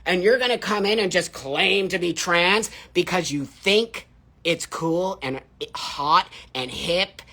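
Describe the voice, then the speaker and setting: A man's voice: high-pitched, slow pace, sharp tone. A middle-aged man hosting a livestream, ranting in a heated, profane, confrontational way. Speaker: livestream host. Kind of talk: angry livestream rant.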